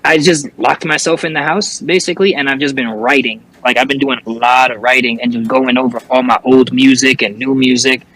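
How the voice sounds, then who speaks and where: A man's voice: mid-range voice, steady tone, a little fast, few pauses, pushed and bright, rough recording. A young man, a rapper telling a story as an interview guest in casual chat, cursing often and restarting his sentences. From New York.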